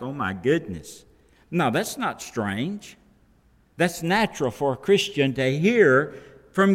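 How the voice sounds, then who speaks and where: A man preaching from the pulpit in a slow, deliberate cadence. His voice sits a little high and swoops up and down with emphasis, carried by the long reverb of a large church hall. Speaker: pastor. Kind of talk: sermon. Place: church sanctuary.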